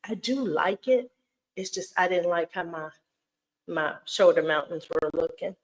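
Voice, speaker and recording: A woman's voice: lowish voice, animated, measured pace, low-quality recording. Middle aged lady doing a casual livestream, chatty, lots of ums and restarts, laughs a lot. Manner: chatty and effusive, greets viewers by name, laughs often; rambling with many fillers and restarts. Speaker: vlogger hosting a live Q&A. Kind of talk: casual live-stream chat.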